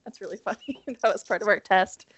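A young woman telling a school story in a relaxed, casual way, with plenty of fillers. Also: medium pitch, a little fast, breathy edge, no echo. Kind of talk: casual podcast chat.

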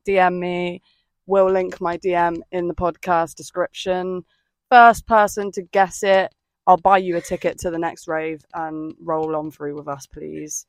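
A woman's voice: fairly low pitch, level tone, a little slow, no echo. A woman hosting a casual podcast, rambling in an easygoing way with plenty of "like" fillers. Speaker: podcast host. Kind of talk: casual chat. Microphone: podcast mic.

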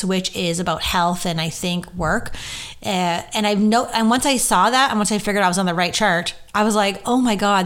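A woman hosting her own podcast, talking in a rambling, chatty way with lots of "like" and "right?". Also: medium pitch. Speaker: podcast host. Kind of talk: casual solo podcast chat.

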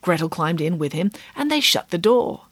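A woman reading a comic children's story aloud with playful, expressive narration. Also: lowish voice, moderate pace, no room sound. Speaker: audiobook narrator. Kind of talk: scripted narration.

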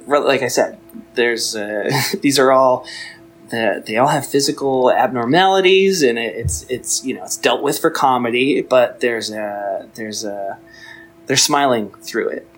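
Man, husky voice, casual film chat, laughs often, halting restarts. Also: medium pitch, soft background music, low-quality recording. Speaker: podcast guest.

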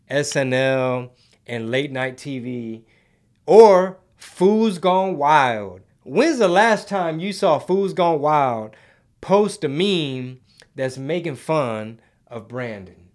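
A man's voice: a little high, expressive, slow pace. A man hosting a casual livestream, rambling in slang and slipping into Spanish while reading the chat. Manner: laid-back slangy rambling, mixes in Spanish. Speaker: podcast host reading live chat.

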